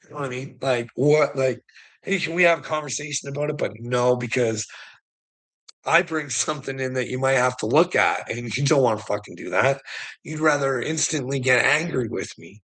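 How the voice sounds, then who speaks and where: A man's voice: mid-range voice, moderate pace, a bit bright. A middle-aged man telling a heated, profane story in a casual vlog rant, laughing often between lines. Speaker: vlogger.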